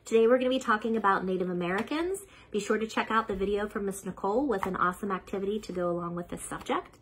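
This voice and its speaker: A woman's voice: medium pitch, fast talker, fairly bright tone, a little hiss or hum, low-quality recording. A woman hosting a children's read-aloud, reading a picture book steadily and stopping now and then to sound out unfamiliar words.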